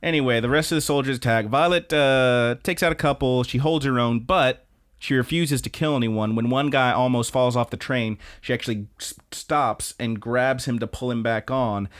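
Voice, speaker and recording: A podcast co-host with a mid-range, fairly bright, clear and resonant voice casually recaps an anime episode at a moderate pace. He uses fillers and quotes lines from the show.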